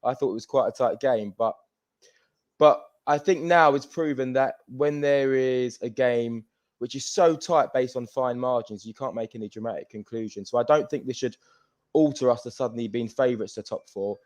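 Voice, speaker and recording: A man calls in to a football fan show and lays out a calm, reasoned view of the game. His voice is mid-pitched and even. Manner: measured, thoughtful analysis.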